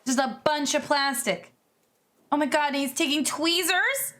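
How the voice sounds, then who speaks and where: A woman streamer chatting casually as she reacts to videos, excitable and gushing, swearing freely. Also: high voice, unhurried. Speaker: VTuber streamer.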